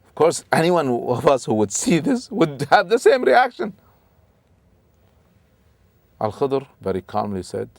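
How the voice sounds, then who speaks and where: A man telling a religious story as a lesson, animated, with sudden emphatic rises and frequent restarts. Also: mid-range voice, normal speed, no echo. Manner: speaks with restarts and repeats. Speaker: religious lecturer.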